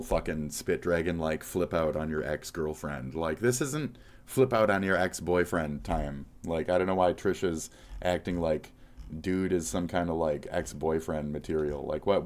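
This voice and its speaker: A man's voice: deep voice, a little mellow. A man streaming live, reacting to posts with a profane, mocking rant.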